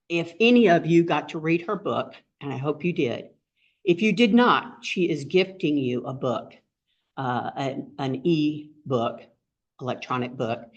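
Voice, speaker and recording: A woman hosting a group meeting, introducing the guest speaker in a rambling, heartfelt way with many fillers. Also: sits low. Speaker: meeting host and co-founder. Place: meeting room with an audience. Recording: dull lo-fi recording.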